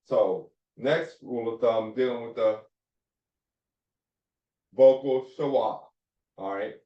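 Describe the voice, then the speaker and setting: A man's voice: mid-range voice, slow pace, far from the mic. A man teaching a Hebrew phonics lesson to a class, repeating each point and checking in with "all right?". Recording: dull echoey classroom recording.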